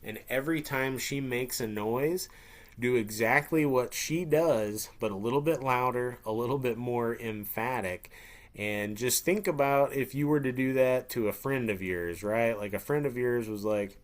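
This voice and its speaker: A man teaching a beginner webinar in a relaxed, conversational way, sometimes acting out little scenes in playful voices. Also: medium pitch, a little slow. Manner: conversational, acts out turkey scenarios with playful voices. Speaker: hunting instructor. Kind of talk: webinar lesson.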